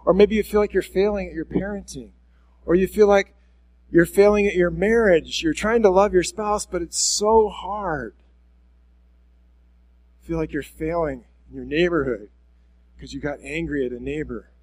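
Higher-voiced man giving a candid sermon. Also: normal speed, long pauses, a little mellow. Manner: candid, self-deprecating, speaks directly to listeners. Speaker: pastor. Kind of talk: conversational sermon.

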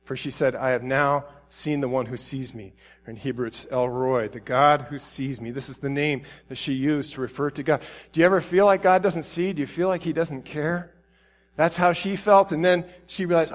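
A man delivering a sermon in a fairly high voice. He reads scripture aloud and acts out the figures with pleading intensity, then drops to a soft, tender hush for emphasis. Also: moderate pace. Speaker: preacher.

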